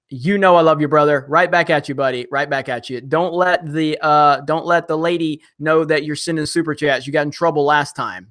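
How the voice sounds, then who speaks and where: A young man hosting a casual live stream, reading viewer comments and joking with chat in an animated way. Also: on the high side.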